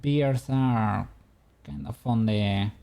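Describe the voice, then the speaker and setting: Streamer, male, dark gravelly tone, rambling chat punctuated by chuckles. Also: fairly low pitch, slow pace. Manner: rambling, chuckling often, self-correcting. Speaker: livestreamer doing 3D modeling. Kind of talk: casual chat with viewers.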